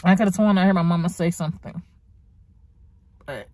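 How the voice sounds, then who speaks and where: Warm-voiced woman vlogging heartfelt. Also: lowish voice, fairly quick, no echo. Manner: heartfelt, churchy, calls viewers honey and y'all. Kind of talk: casual chat to camera.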